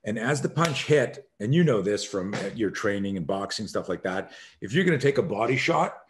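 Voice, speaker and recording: A man with a fairly low voice tells a story as a podcast guest. He is an animated storyteller who acts out the scenes as he talks. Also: normal speed, background noise. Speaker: guest, self-defense expert.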